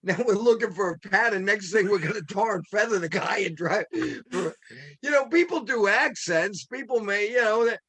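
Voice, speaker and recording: Easygoing male co-host with a notably high voice, loose banter. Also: expressive, moderate pace, a bit bright, breathy edge. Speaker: podcast co-host. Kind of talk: casual chat.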